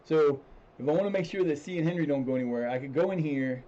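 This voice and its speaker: A man's voice: on the high side, fast talker, warm tone, lo-fi sound. Rambling man commentating his football management game. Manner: rambling, restarts sentences, swears when frustrated. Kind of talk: casual gameplay commentary.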